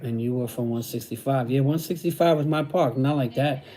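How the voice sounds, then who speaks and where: A man's voice: mid-range voice, fairly quick, warm tone. A middle-aged man chatting casually on a livestream, using street slang and repeating phrases. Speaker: host reading live chat.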